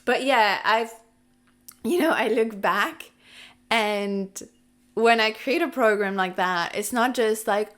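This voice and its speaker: A woman's voice: medium pitch, takes it slowly, pauses often, fairly bright tone. A woman vlogger whose first language is not English, talking to camera in a candid, rambling, casual way and swearing now and then. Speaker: lifestyle and spirituality vlogger.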